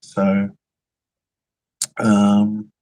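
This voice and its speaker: A young Australian man co-hosting a live fan-series Q&A in relaxed, rambling chat with many fillers. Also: lowish voice, extremely slow. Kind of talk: casual livestream chat.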